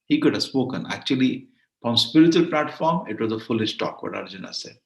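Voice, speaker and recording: A man's voice: mid-range voice, lively intonation, brisk, vocal fry. A man teaching a devotional scripture class, speaking emphatically and repeating phrases for stress over an online call. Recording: roomy echo.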